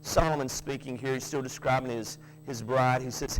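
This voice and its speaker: A man's voice: mid-range voice, fairly even intonation, fast talker, hardly any pauses, a little hiss or hum, poor audio. A man preaching a sermon, folksy, with joking asides and frequent restarts. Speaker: pastor.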